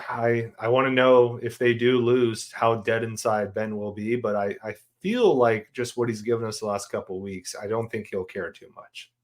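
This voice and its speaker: A man co-hosting a sports podcast, chatting casually and animatedly with jokes. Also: on the low side. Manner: animated, joking, trailing off into fillers. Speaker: podcast co-host.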